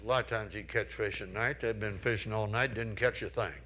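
A man's voice: lowish voice, steady tone, brisk, pushed and bright, a little hiss or hum, poor audio. A man preaching a sermon, telling folksy stories, asking his listeners questions and acting out the people in his tales with raised voices. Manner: folksy storytelling, asks the congregation questions; acts out characters in raised voices.

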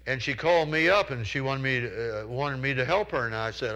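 Male preacher, bright clear tone, folksy storyteller who quizzes the congregation and acts out his characters. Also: mid-range voice, fairly quick, few pauses, slight background noise, low-quality recording. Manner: acts out characters in raised voices. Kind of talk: sermon.

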